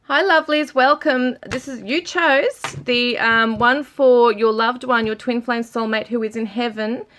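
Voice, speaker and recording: A woman's voice: a little high, fairly even intonation, measured pace, slight background noise. Soothing woman giving a tarot reading. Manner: soft, soothing, with many fillers. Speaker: tarot reader. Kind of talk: gentle tarot reading monologue.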